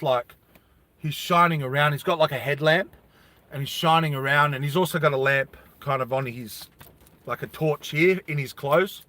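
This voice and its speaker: A man telling a story casually, loud and rambling. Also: a little high, dry recording. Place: indoors with rain and industrial noise.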